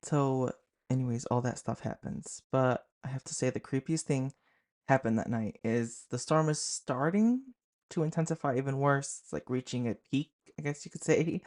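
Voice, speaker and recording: A young man casually recounting a scary night in a vlog, with an animated, dramatic delivery and lots of "like". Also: mid-range voice. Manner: animated, fillers of "like", dramatic retelling. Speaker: horror storyteller host.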